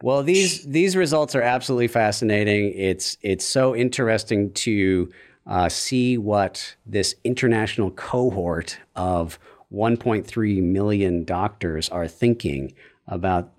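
Low-voiced man hosting a podcast. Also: darkish tone, dry recording, clean studio sound. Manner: hesitant with uh fillers in talk. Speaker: podcast host. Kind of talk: podcast talk and read outro.

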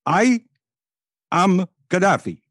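A man's voice: high-pitched, big pitch swings, takes it slowly, a bit bright, dry recording, studio quality, voice pushed up, full character voice. A man voicing a commanding foreign dictator on the phone, speaking in clipped, broken phrases.

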